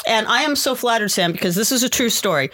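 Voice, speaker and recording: A woman hosting a casual music podcast, enthusiastic and quick to laugh. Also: fairly high pitch, lively intonation, a bit bright. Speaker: podcast host.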